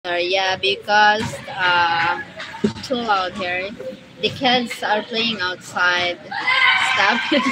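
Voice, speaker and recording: A young woman with a Filipino accent chatting casually on a live stream at home, sleepy and yawning, in slow, halting English full of fillers. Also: medium pitch, low-quality recording. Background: loud background music.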